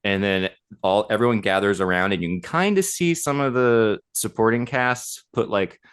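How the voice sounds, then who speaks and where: Man, thirties, low voice, smooth and clear, casual excited storytelling, lots of filler words. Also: normal speed. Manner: enthusiastic storytelling with many fillers. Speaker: podcast co-host. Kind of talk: casual chat.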